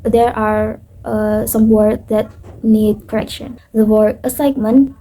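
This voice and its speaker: Mellow-voiced Indonesian student woman. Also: a little high, fairly even intonation, rough recording. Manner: reads her report with pauses and fillers. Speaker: student presenter. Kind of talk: class presentation on pronunciation.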